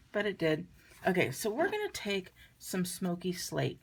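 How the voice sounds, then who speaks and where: Slow, gravelly-voiced woman teaching crafts. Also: fairly low pitch, slight background noise. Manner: chatty, relaxed, talks while working. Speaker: card-making instructor. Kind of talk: crafting tutorial demonstration.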